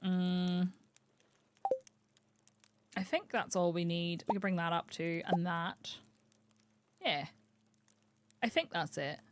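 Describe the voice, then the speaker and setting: A woman's voice: lowish voice, slow, long pauses, background noise. Chatty woman streaming a farming game. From United Kingdom. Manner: chatty, thinks aloud, coos brightly at game animals. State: has the hiccups. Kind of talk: casual live-stream gameplay chat. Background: game music.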